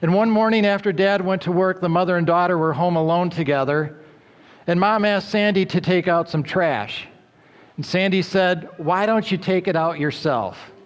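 A man preaching a sermon as pastor, in an earnest, steady manner with a few filler uhs. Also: high-pitched, normal speed, clear, resonant tone, in a large hall. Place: church.

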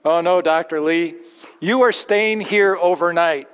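A man's voice: fairly high pitch, a little slow, fairly bright tone, clear, resonant tone, in a large hall. A pastor voicing a firm male hospital doctor pleading with a stubborn patient.

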